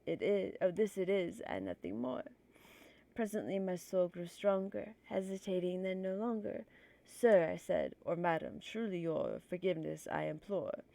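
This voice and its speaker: A woman's voice: on the low side, animated, normal speed, vocal fry, mellow. A woman streamer with a stuffy nose reading poetry aloud on a livestream, nervous and self-conscious, apologizing for her slips.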